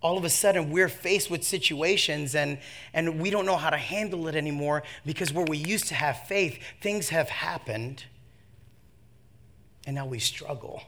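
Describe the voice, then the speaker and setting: A man preaching with a bright, forceful voice that sits a little high. He tells a comic personal story, dropping to hushed asides and rising to shouts. He laughs at himself along the way. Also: normal speed, a little hiss or hum.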